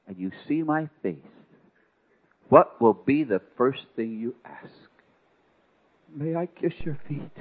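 A man preaching a sermon, telling a story with dramatic swings from hushed to loud. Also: fairly low pitch, slightly rough. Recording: tinny phone-like sound.

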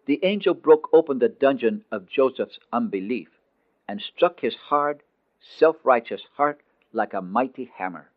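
A man narrating a dramatic story in a scripted, expressive way, slowing down on emotional phrases. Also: mid-range voice. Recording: tinny phone-like dry recording.

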